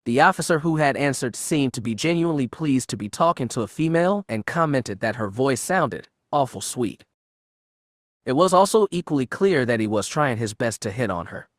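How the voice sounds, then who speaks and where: A man reading a science fiction audiobook in steady, measured narration. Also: medium pitch, no room sound, studio quality. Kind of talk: scripted narration.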